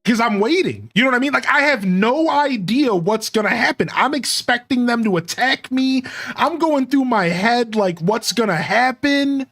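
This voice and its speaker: A young man streaming games, chatting excitably, laughing often and reading his chat aloud. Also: very high-pitched, normal speed, faint music behind. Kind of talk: casual gaming commentary.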